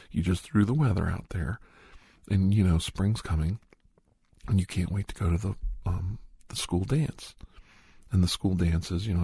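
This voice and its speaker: Husky low-voiced man in whispered role-play. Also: warm tone, no echo. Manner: rambling, coaxing, half-whispered advice.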